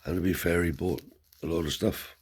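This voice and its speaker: Very deep husky man spinning a yarn. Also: steady tone, brisk, a little mellow. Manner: rambling yarn-spinning with Romani cant words and tag questions. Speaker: storyteller and channel host. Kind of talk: casual spoken storytelling.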